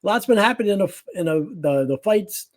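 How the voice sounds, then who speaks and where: A man with a slightly high voice hosts a podcast in a casual interview chat. He sets up his guest's stories with easygoing questions, pausing and restarting as he talks. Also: animated, a little mellow. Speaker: podcast host.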